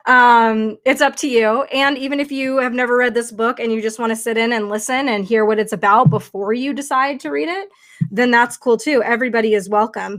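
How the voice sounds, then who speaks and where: A woman hosting a casual livestream, talking chattily and rambling with lots of fillers into her computer mic. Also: a little high. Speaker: livestream host.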